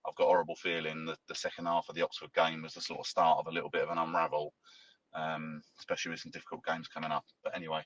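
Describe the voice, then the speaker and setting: Man, very deep voice, measured and hesitant, muffled lo-fi clip, off-mic. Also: monotone, a bit bright. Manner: measured, hesitant, many fillers. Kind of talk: earnest interview answer. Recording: dull lo-fi clip from a distance.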